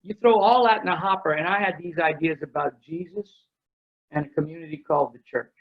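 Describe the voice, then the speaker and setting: A middle-aged man giving a workshop talk on ministry. He tells energetic, joking stories. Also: a little high, a little fast. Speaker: ministry speaker. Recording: dull lo-fi recording.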